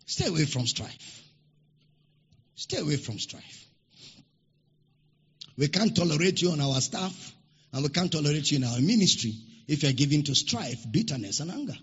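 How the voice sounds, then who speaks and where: A man's voice: on the high side, animated, normal speed, long pauses, slightly rough. A man preaching a sermon as a pastor, stressing points by repeating phrases, in a church hall. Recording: dull lo-fi recording with long hall reverb.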